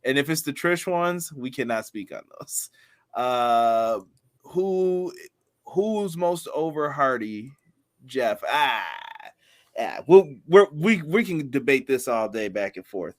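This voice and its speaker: A man's voice: medium pitch, animated, slow pace. Laughing man chatting about wrestling. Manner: laughs often, reads out viewer comments. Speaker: podcast co-host. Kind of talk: casual wrestling review chat.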